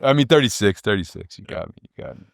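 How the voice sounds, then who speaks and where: Fast-talking and animated, a rapper in his forties spins rambling personal stories in a casual interview, repeating words and voicing what people said. His voice is lowish and creaky, and the recording is dry and clean, studio-grade.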